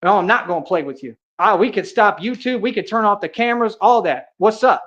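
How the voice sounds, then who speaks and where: A man's voice: sits high, animated, a little fast, fairly bright tone. A man on a livestream, ranting in a confrontational, boastful way, full of street slang and 'bro' and 'real talk'. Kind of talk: heated livestream rant. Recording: dull lo-fi stream audio.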